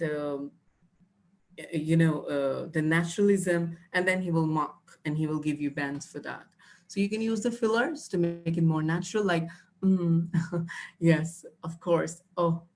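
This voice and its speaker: A woman's voice: fairly low pitch, a little mellow. A woman teaching an exam-prep class live, giving tips and calling students "dear". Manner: instructive, addresses students as dear. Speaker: IELTS trainer. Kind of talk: live online class, answering chat.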